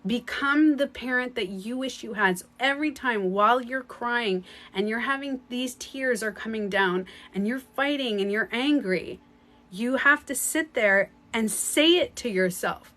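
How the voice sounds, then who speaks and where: A woman's voice: fairly high pitch, unhurried, a bit bright. A woman speaking as a spiritual coach in a casual motivational talk. She is emphatic and blunt, swears casually and often repeats herself.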